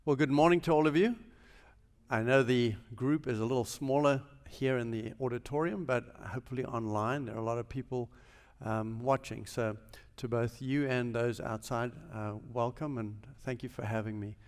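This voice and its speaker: A man with a South African accent tells his life story to a chapel audience, now quiet and now suddenly loud as the story builds. His voice rings with a long reverb from the large auditorium. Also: mid-range voice, moderate pace, smooth. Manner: animated storytelling with sudden shifts in loudness. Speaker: guest speaker, business leader. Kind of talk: chapel talk, personal testimony.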